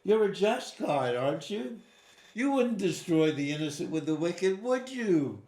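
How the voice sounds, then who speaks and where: Man putting on a high, pleading patriarch. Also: very animated, unhurried, darkish tone, exaggerated voice. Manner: high, insistent, coaxing questions. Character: pleading male patriarch bargaining with God. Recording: roomy echo.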